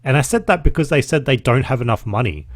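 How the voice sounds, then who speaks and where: A man's voice: mid-range voice, lively intonation, fast, no echo, studio quality. Chatty, profane Australian man in his thirties. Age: 30s. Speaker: podcast host. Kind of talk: casual solo podcast recap.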